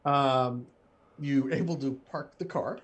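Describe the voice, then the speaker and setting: A man's voice: mid-range voice, takes it slowly. Hesitant game master man. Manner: hesitant, many fillers and restarts while describing scenes. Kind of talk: narrating a tabletop game.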